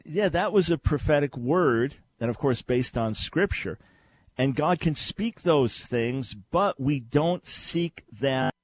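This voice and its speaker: Radio host, male, animated storyteller who repeats his points for emphasis. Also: fairly high pitch, slow pace, dry recording. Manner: lively storyteller who repeats key phrases. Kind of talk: call-in radio teaching.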